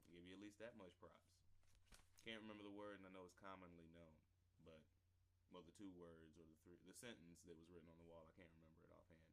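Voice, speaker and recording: Very low-voiced man sounding out words. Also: level tone, a bit bright, slight background noise, low-quality recording. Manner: rambling, reads aloud and sounds out syllables slowly. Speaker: self-taught learner presenting a lesson. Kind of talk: casual vlog-style lesson.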